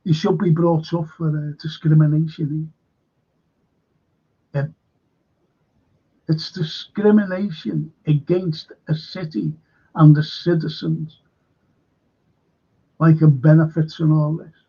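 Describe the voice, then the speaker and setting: With a fairly high, husky voice and steady tone, an older man takes his time and pauses often while hosting a casual livestream. He reads from the chat, rambling, repeating himself, and filling gaps with fillers. The stream audio is dull and lo-fi.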